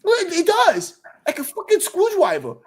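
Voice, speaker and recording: A woman's voice: very high-pitched, huge pitch swings, moderate pace, pitched above the performer's own voice, heavily acted. A man voicing his five-year-old daughter, a blunt girl who swears without meaning harm and insists she is right. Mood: indignant. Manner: adamant, swears casually.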